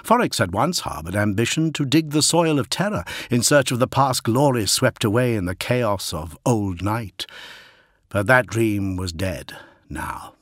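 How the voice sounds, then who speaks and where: A man reading a novel aloud as an audiobook narrator, in steady, measured scripted narration. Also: medium pitch, dry recording, studio quality.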